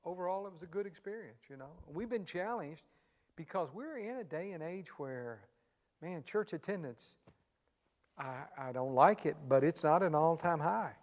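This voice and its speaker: In a casual Q&A, a middle-aged pastor chats folksily in a fairly high, animated voice at normal speed, joking and often saying "man." The recording has a long hall reverb.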